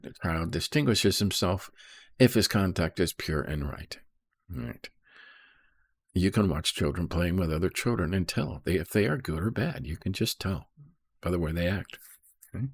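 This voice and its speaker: Husky deep-voiced man explaining scripture. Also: no room sound, clean studio sound. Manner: reads verses then explains, peppered with "okay?" and "right?". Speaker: Bible study teacher. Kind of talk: casual Bible commentary.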